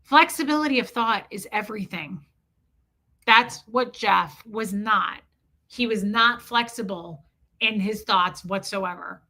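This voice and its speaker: A woman's voice: medium pitch, measured pace, pushed and bright. A woman hosting a livestream, telling a personal story with emphasis and greeting her chat along the way. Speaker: livestream host.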